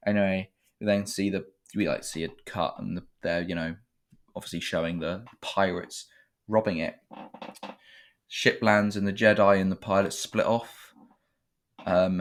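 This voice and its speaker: A man giving a casual, sweary review, rambling and sarcastic. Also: low-pitched.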